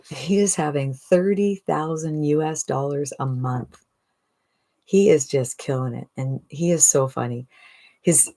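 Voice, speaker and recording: A woman in her sixties giving an enthusiastic, persuasive direct-to-camera sales pitch as an online business coach, often asking "right?". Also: dark tone. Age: 60s.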